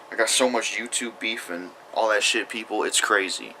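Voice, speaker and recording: A man's voice: fairly low pitch, moderate pace, pushed and bright, a little hiss or hum, rough recording. A young man ranting angrily to camera in a profane vlog, reading out comments and arguing back. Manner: reads comments aloud. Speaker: YouTuber. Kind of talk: angry vlog rant.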